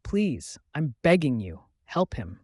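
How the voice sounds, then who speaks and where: A man's voice: very animated, takes it slowly, darkish tone, no echo, clean studio sound, full character voice. A man voicing a desperate young woman who pleads urgently for her friend, in a scripted storybook narration. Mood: pleading. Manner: pleading, urgent, raised pitch.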